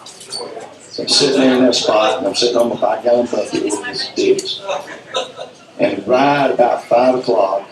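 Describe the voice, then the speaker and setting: A man's voice: medium pitch, fairly even intonation, moderate pace, pauses often, a crowd in the background. Southern storyteller, middle-aged man, folksy, echoey hall, a bit distant from the mic. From North Alabama, USA. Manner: folksy, acts out sounds and quotes. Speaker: speaker at a symposium. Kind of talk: storytelling talk. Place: event hall.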